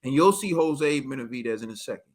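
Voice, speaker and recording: A man's voice: medium pitch, expressive, fast. A man hosting a casual boxing talk show, walking viewers through fight footage in a laid-back, chatty way. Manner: laid-back, conversational, repeats himself. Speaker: boxing commentary host. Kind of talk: casual commentary over video.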